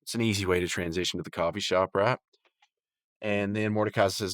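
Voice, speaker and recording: Rambling low-voiced man recapping casually. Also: a little fast, fairly bright tone, dry recording, clean studio sound. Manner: rambling, chatty, many "like"s and restarts. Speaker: podcast host.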